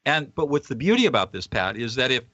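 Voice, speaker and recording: A man's voice: mid-range voice, sing-song, fast, pushed and bright, dry recording, dull audio. A man, a guest author on a radio interview, explaining a method earnestly and at times acting out example dialogue.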